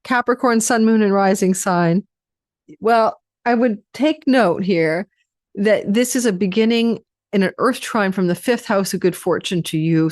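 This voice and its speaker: A woman's voice: mid-range voice, dry recording, studio quality. A tired woman astrologer giving a rambling, chatty forecast and running through lists of possibilities. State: tired, yawning.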